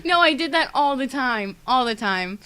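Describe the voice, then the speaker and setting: A bright, crisp woman's voice in relaxed conversation. She is from New Jersey and chats animatedly, laughing often as she tells stories. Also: sits high, normal speed, poor audio. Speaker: podcast guest. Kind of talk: casual chat.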